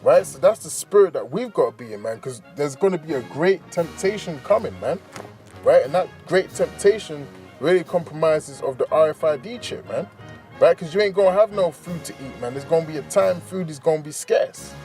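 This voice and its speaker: Man preaching, slightly high voice. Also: animated, fairly quick, a little mellow, soft background music. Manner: casual, keeps ending phrases with "man, right?". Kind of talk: preaching commentary over a news clip.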